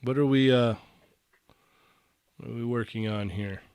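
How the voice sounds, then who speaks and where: A man's voice: medium pitch, measured pace, smooth, dry recording. A man hosting a live stream and chatting casually while running a giveaway. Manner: lively, runs the giveaway. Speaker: podcast host.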